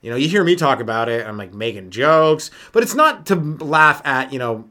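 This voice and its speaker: A man's voice: medium pitch, expressive, moderate pace, bright, forceful tone. A man hosting a solo comedy podcast, rambling and riffing with many fillers, running on no sleep. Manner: rambling, riffing, lots of fillers and sudden voice jumps. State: sleep-deprived. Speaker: stand-up comedian and podcast host.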